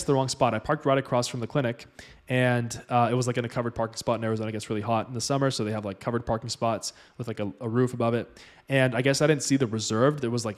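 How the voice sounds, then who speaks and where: A man casually telling a personal story in a loose, chatty way, full of fillers. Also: medium pitch.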